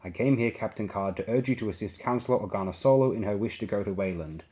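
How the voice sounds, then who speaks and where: Man reading as furry alien envoy, stiff and formal, low voice, storybook. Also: quick pace, mellow, lightly acted. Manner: formal, stiff, hisses and snarls when angry. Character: indignant proud male alien diplomat, furry.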